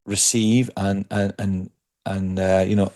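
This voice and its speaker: A man's voice: low-pitched, level tone, slow, mellow. A man who is a podcast guest, talking reflectively in an interview and often repeating words as he looks for the right one. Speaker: podcast guest, speaker on stress. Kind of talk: conversational interview.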